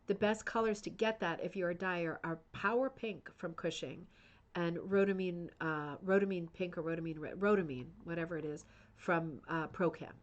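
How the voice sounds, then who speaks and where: During her rug hooking club's live stream, a woman from the United States reads viewer comments and talks with enthusiasm about a book. She has a fairly low voice and a moderate pace, and the audio sounds dull.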